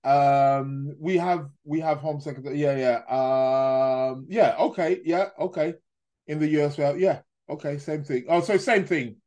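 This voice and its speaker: Guy rambling on a live stream, bit high voiced, stammers and laughs a lot. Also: measured pace, mellow, muffled recording. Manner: rambling, stammers and restarts, laughs at own jokes. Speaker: astrology live-stream host. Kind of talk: casual live-stream chat.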